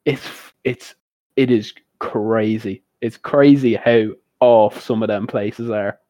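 A young Irish man chatting casually, telling an animated story and laughing often. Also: on the low side, slow, no echo. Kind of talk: casual chat. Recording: dull dry recording.

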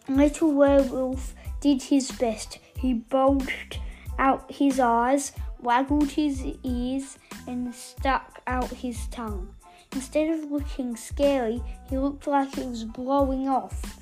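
Woman, children's story read-aloud, expressive, high-pitched, quiet music underneath. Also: takes it slowly. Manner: expressive and playful. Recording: faint background music.

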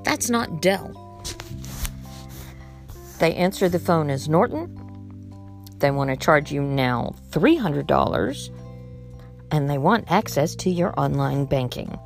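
Woman, gravelly, animated, blunt, casual vlog. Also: low voice, a little slow, faint music behind. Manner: blunt, exasperated, outspoken. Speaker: vlogger warning about scams. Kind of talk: casual monologue to camera.

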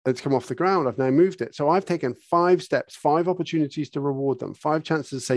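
A man's voice: medium pitch, fast, hardly any pauses, darkish tone, dry recording, studio quality. A man, a horse trainer answering interview questions, talking eagerly and acting out little bits of dialogue as he explains.

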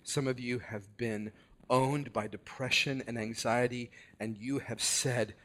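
Male preacher, mid-pitched voice, unhurried and earnest, leaning hard into dramatic emphasis. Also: fairly even intonation, a bit bright. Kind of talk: sermon.

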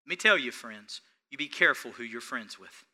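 A male pastor preaching a sermon, speaking straight to his congregation and swinging between hushed, tender passages and loud, rising ones. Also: medium pitch, animated, brisk. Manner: repetitive, direct address to congregation.

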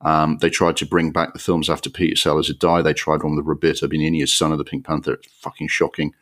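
A man with a very low voice rants about a film on his podcast, exasperated and sarcastic, swearing freely. His delivery swings between grumbling and incredulous outbursts. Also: level tone, fast talker, a bit bright. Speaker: podcast host. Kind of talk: ranting film review.

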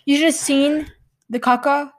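A woman's voice: high voice, steady tone, moderate pace. A woman playing a rambling, silly charity founder in an improvised comedy sketch, dragging out her words.

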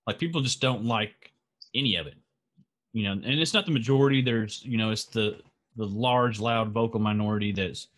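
A man's voice: on the low side, normal speed, fairly bright tone. An American man co-hosting a casual podcast, rambling with many fillers. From United States. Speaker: podcast co-host. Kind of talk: casual chat.

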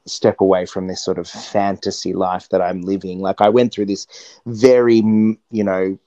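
A man talking earnestly as an interview guest, reflecting slowly with frequent restarts. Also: low-pitched, flat delivery, dark tone, no echo, highs cut off. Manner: earnest, searching, many restarts. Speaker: interview guest, stage performer.

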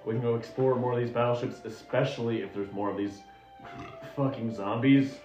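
A man playing a tabletop game in a gruff, low put-on voice, chatting casually. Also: steady tone, a little fast, a little mellow. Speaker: player. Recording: roomy, dull sound with faint music.

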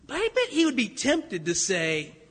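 Animated high-voiced male pastor, echoey hall. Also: normal speed, slightly rough. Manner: animated storytelling, conversational asides. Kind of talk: sermon. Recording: echoey hall with long reverb.

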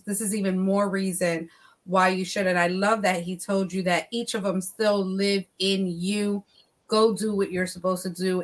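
Bright-voiced woman hosting an interview. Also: medium pitch. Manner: affirming, encouraging. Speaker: host.

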